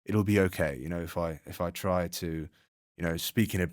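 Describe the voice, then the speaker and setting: A man's voice: low-pitched, steady tone, normal speed, no room sound, clean studio sound. An eighteen-year-old man with a North American accent whose first language is Arabic, hosting a podcast in a rambling, filler-heavy chat. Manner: rambling, many fillers and restarts, laughs often. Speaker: podcast host. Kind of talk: casual interview chat.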